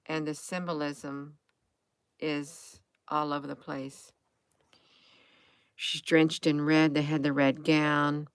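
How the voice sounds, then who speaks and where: Tired lady rambling slow, kinda low smooth voice, lots of ums, dry close mic. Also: level tone, no echo. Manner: rambling, hesitant, with frequent "um" and restarts. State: tired, drained. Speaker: conspiracy commentary vlogger. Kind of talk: casual commentary over images.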